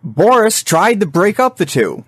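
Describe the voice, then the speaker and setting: A man's voice: high-pitched, sing-song, measured pace, a bit bright, husky, no room sound. A man hosting a casual gaming podcast, leading the topics and telling news stories plainly. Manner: leads topics, plain storytelling. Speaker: podcast host. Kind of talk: casual chat, reading news items.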